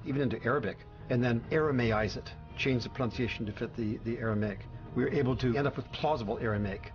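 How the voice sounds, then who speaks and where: A man interviewed as a language consultant for a film, speaking in a measured, explanatory way. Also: mid-range voice, lo-fi sound. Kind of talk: documentary interview.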